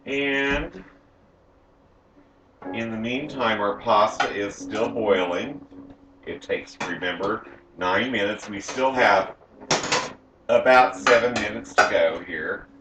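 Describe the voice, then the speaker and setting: Man doing sassy campy lady home cook, slow drawling delivery, roomy echoey kitchen. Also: on the low side, background noise. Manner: campy, sassy, chatty, teasing the audience. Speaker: cooking show host character. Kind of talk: comic cooking demonstration.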